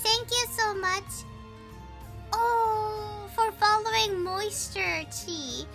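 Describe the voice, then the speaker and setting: A woman's voice: very high-pitched, drawn-out words, creaky, over music. A woman hosting a casual live drawing stream, switching between Japanese and English and laughing often as she chats. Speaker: live-stream artist and host.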